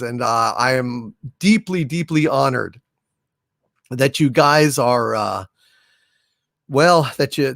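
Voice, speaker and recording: A man's voice: medium pitch, vocal fry, dry recording, clean studio sound. A man hosting a casual livestream, chatting and thanking viewers for their messages. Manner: chatty and appreciative, thanks viewers warmly and often. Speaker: livestream host.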